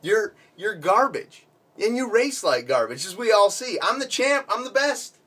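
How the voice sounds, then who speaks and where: A man's voice: high voice, very animated, unhurried, pushed and bright, breathy edge, far from the mic, voice pushed up, heavily acted. A man voicing a brash, boastful young male racehorse who taunts his rival. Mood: gloating. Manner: taunting, gloating.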